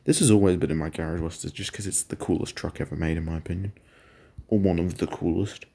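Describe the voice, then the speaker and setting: A low-pitched man with a rough, gravelly edge talks loosely through a game. He rambles and keeps catching and correcting his own slips. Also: fairly even intonation, fast, warm tone. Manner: rambling, self-correcting, chatty. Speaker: gaming channel host. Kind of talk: casual game commentary.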